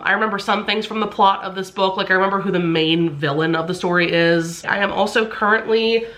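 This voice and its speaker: A woman's voice: medium pitch, a bit bright. A congested woman chatting casually in a book vlog, full of fillers. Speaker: book vlogger.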